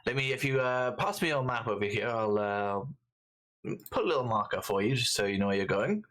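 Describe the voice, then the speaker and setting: A man's voice: medium pitch, lively intonation, a little fast, a bit bright, lightly acted. A man voicing a polite, helpful male shopkeeper in a tabletop game, with a hesitant, friendly way of explaining.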